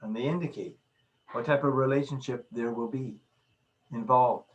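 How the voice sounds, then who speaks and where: A man's voice: medium pitch, fairly even intonation, moderate pace, highs cut off, a little hiss or hum. A man lecturing in a recorded video session, emphatic, repeating his key phrases and acting out small examples. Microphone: video call.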